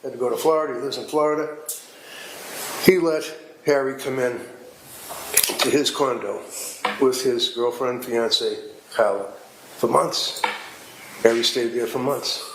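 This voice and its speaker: A man's voice: mid-range voice, steady tone, unhurried, long pauses, reverberant, background noise. A man giving a defense closing argument to a jury, speaking emphatically and repeating himself for effect. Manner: emphatic, repetitive, conversational courtroom oratory. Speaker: defense attorney. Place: courtroom.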